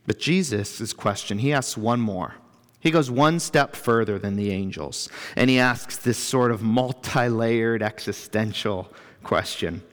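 A man's voice: lowish voice, unhurried. A man preaching a sermon as pastor in a church, reflective and earnest, building emphasis through lists. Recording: long reverb of a church hall.

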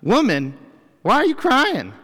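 A man voicing a scornful man who mocks a grieving woman in a shrill, belittling way. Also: huge pitch swings, measured pace, pushed and bright, slightly rough, long reverb tail, exaggerated voice. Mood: mocking.

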